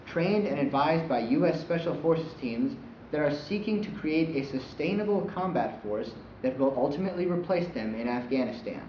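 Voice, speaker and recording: A man reads the news as anchor of a homemade newscast, his voice slightly high for a man. The room is echoey and the sound dull and lo-fi, with faint hiss behind. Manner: steady scripted delivery. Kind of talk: mock newscast reading. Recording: echoey dull amateur recording.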